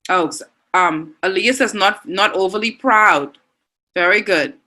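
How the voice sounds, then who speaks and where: A woman's voice: mid-range voice, a little slow, pushed and bright. A woman with a Bahamian accent teaching an online language class, reading out students' answers and praising them. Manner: encouraging, reads out students' chat answers.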